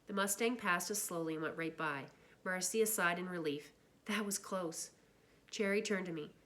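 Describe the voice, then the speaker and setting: A woman reading a novel aloud in a steady, plain way. Her voice sits low for a woman. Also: moderate pace. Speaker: reader.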